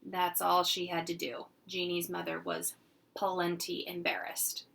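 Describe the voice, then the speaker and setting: A woman teacher reading a children's chapter book aloud in gentle, unhurried storytelling. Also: fairly low pitch, monotone, vocal fry.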